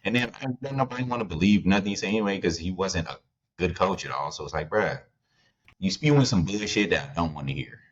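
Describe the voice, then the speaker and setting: A man's voice: low-pitched, fast, dull audio. A man who works as a teacher, chatting casually on a podcast in a blunt, profane, emphatic way. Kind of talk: casual chat.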